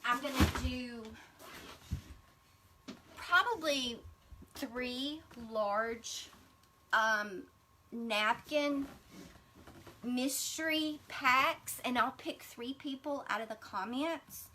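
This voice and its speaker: Gushing woman, high and bright. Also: very slow, long pauses, slight background noise. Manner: gushing, chatty, addresses viewers as y'all. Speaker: craft livestream host. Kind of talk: casual livestream chat.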